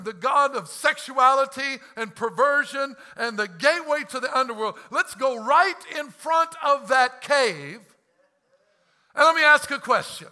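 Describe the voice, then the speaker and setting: A male pastor preaching with fervor, in a high, very bright and cutting voice. He swings from near-shouted proclamations to quiet, hushed explanations, and acts out quoted lines with laughter. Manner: impassioned preaching, swings between loud and hushed. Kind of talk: sermon.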